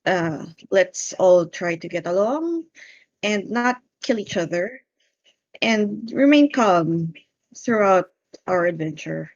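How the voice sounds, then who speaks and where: A woman's voice: mid-range voice, animated, slow, dry recording, highs cut off. A woman voicing a prim, proper female half-orc adventurer who speaks formally. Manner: formal, polite.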